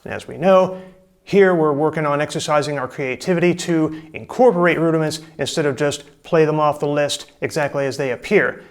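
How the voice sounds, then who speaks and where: A drum teacher with a slightly higher man's voice talks casually and breaks each stroke down one step at a time. Drums sound in the background between his explanations. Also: fairly quick. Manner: relaxed, explains step by step, counts in. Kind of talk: casual instructional talk.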